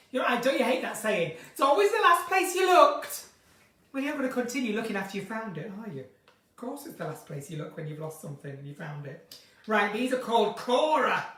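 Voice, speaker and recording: A woman's voice: a little high, a bit bright. Giggly chatty woman in an echoey room. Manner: giggly, chatty, drifts between topics. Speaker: live chat host. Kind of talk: chatty unscripted live stream. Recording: echoey room, somewhat far from mic.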